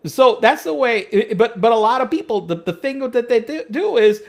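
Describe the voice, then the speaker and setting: A man's voice: very high voice, unhurried, hardly any pauses. A middle-aged man co-hosting a podcast in casual chat, talking animatedly with profanity and many stammering restarts. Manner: animated, profane, acts out quoted speech. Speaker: podcast co-host.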